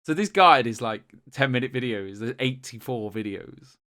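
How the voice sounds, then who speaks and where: Bright-voiced rambling young man. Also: medium pitch, expressive, moderate pace. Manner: rambling, full of fillers and restarts. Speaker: podcast co-host. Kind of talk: casual chat.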